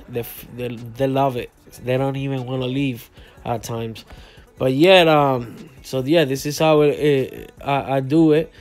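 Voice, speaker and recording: A tired barber, yawning as he works, narrates a casual tutorial on a haircut in a barbershop lounge. Spanish is his first language, and his mid-range, darkish voice rambles and repeats words, often saying "you know what I mean."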